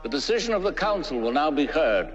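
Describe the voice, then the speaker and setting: A man's voice: on the high side, sing-song, fast. An actor playing a stern alien council elder, speaking formally as he pronounces judgment. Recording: dull old film audio with music.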